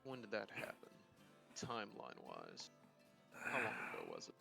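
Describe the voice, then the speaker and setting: A man with a lowish voice chatting as a player in a tabletop game over voice chat. He talks casually and swears when excited, with faint music behind. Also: moderate pace, creaky. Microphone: voice chat microphone.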